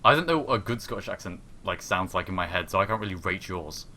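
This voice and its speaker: A man's voice: sits low, lively intonation, fast, crowd noise. A man hosting a casual gaming livestream, taking charge and planning the next move with his co-hosts.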